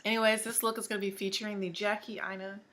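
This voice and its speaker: A woman's voice: medium pitch, flat delivery, quick pace, fairly bright tone. A young woman in her twenties, chatting in an upbeat way through a casual makeup tutorial. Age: 20s. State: suffering hiccups. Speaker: beauty vlogger.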